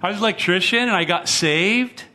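A middle-aged male guest pastor delivers a sermon in a high, bright voice. He talks in lively bursts, stumbles over restarts and acts out the people he quotes. Faint instrumental music plays beneath him. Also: a little fast.

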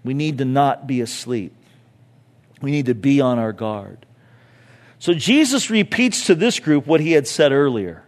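A man's voice: medium pitch, very animated, measured pace. A man preaching a sermon as a pastor. He talks in a conversational way, with joking asides, and he leans hard into key phrases.

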